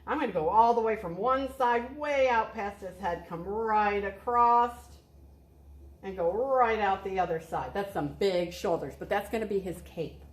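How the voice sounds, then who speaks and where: A woman's voice: mid-range voice, normal speed. A woman art teacher leading a cheerful, step-by-step drawing lesson for children, encouraging them as she goes. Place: art studio. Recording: echoey room.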